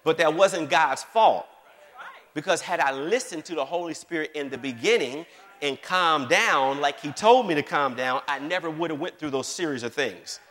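A man preaching in a lively way, asking his listeners again and again whether they follow him. His voice sits a little high for a man. A long reverb fills the hall around him. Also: moderate pace. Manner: animated preaching with call-and-response questions and repeated phrases. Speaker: pastor. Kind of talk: sermon.

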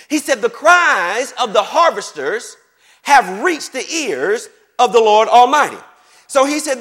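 A man preaching a fervent sermon, repeating phrases, calling for the congregation's responses and rising into shouts. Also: high voice.

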